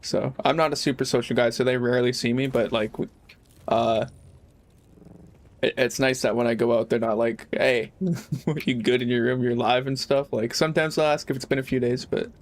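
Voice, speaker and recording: A man's voice: mid-range voice, steady tone, brisk. A young man chatting casually while streaming a game, rambling and laid-back, swearing freely. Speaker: live streamer. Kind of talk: casual gaming livestream chat.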